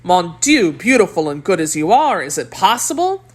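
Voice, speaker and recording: A woman voicing a young male swordsman in an audiobook, earnest and flattering. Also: lowish voice, moderate pace. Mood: ardent.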